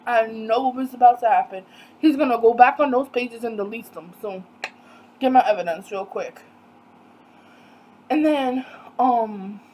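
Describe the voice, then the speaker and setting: A young woman telling a storytime vlog in a casual, animated way, acting out quoted dialogue with disbelief. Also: a little high, slight background noise, rough recording. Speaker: vlogger.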